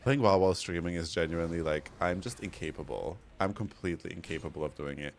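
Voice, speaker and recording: A man's voice: sits low, quick pace, slight background noise. Give me a giggly man streaming games. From Bosnia. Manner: joking, giggly, self-mocking. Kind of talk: casual gaming stream chat.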